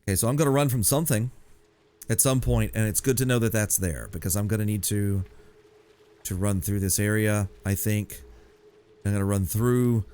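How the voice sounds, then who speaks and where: Wry low-voiced man commenting on gameplay. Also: moderate pace, mellow, clean tone. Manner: wry, joking asides while playing. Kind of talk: casual let's-play commentary.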